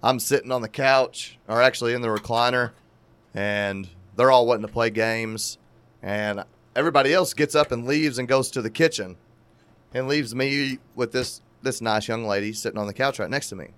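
A man telling a crude, animated story in casual profane podcast chat, laughing at his own tale. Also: mid-range voice, moderate pace, smooth, no room sound.

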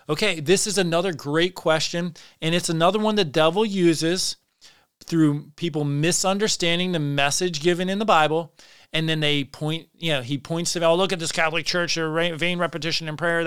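Middle-aged man, podcast host, earnest and passionate, smooth voice, dry close recording. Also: fairly high pitch, fairly bright tone, dry recording. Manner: earnest, passionate, talks in restarts. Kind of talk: religious podcast monologue.

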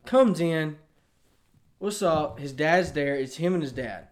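A young man with a Southern US accent tells a story among college roommates. His voice sits a touch high, and he acts out every line of dialogue in the casual chat. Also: expressive, takes it slowly. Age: young adult. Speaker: college student telling a story.

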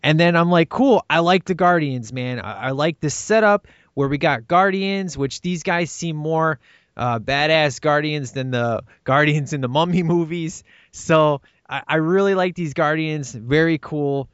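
A man co-hosting a casual movie podcast, animated and laughing often as he acts out quotes. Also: fairly high pitch, unhurried, clear, resonant tone, no echo. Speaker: podcast co-host. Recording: dry, dull lo-fi sound.

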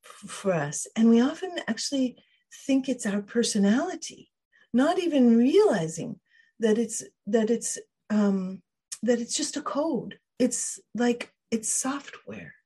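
A woman's voice: fairly high pitch, lively intonation, measured pace, warm tone, slightly rough. A woman guest on an interview podcast, explaining ideas thoughtfully with frequent restarts and quoted inner voices. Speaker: podcast guest, emotional wellbeing trainer.

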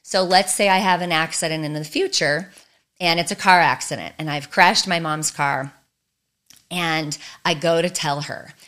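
A woman's voice: low-pitched, fairly even intonation, moderate pace, fairly bright tone. A woman trauma therapist giving an earnest teaching talk, building her points through short repeated phrases.

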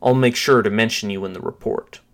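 A man's voice: on the low side, steady tone, brisk, close to an everyday voice. A man voicing a bearded male terrorist officer who speaks in a commanding, urgent way.

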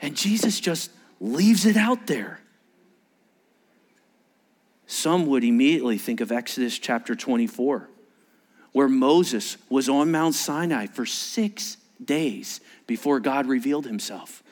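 A man preaching a sermon as a pastor, animated and acting out quotes in changing voices. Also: mid-range voice, measured pace.

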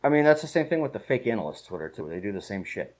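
A man telling stories in a casual podcast chat, swearing freely and talking rapidly. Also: on the low side, big pitch swings, darkish tone, low-quality recording. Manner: rapid, profane storytelling. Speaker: podcast co-host.

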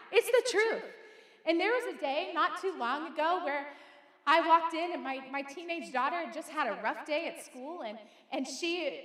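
A middle-aged woman pastor preaching a lively sermon to her congregation and calling on them to repeat her words. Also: sits high. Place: church sanctuary. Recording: echoey hall.

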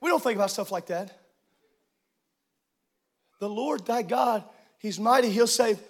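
A man, a pastor, preaching a sermon in a church, shouting and swinging into sing-song cadences. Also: high voice, measured pace.

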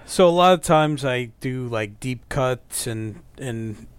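A man's voice: mid-range voice, animated, slow pace, smooth, dry recording. Laid-back male podcast co-host. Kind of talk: casual chat.

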